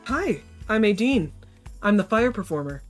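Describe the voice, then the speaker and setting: A woman voicing a poised, friendly female fire performer, talking gently and chattily while doing her makeup. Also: medium pitch, sing-song, moderate pace, soft background music, close to an everyday voice.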